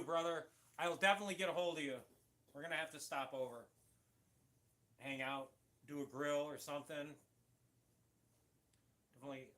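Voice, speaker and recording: This man's pitch is fairly high, and his tone comes across as bright and forceful. He's a middle-aged livestream host from Syracuse, New York, wandering through casual talk with lots of false starts.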